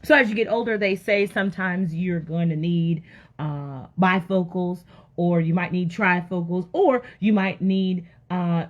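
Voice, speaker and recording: A woman with a fairly low voice speaks unhurriedly in an emphatic, conversational faith talk to women, repeating words for emphasis and addressing her listeners directly. The audio is dull.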